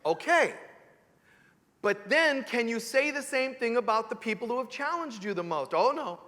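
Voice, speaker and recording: A man giving an animated sermon as a spiritual teacher, joking and asking rhetorical questions. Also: very high voice, normal speed, long reverb tail. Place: church sanctuary.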